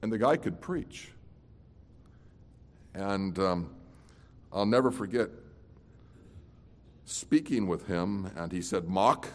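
A man preaching an evening sermon as a pastor. He swings between loud, emphatic declarations and quiet, low-voiced asides. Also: slow, long pauses. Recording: long reverb of a large hall.

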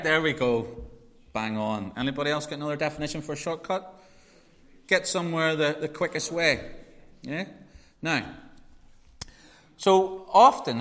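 In a church hall with reverberant sound, a pastor leads a prayer and preaches a conversational sermon full of rhetorical questions. He has a mid-range, fairly bright voice.

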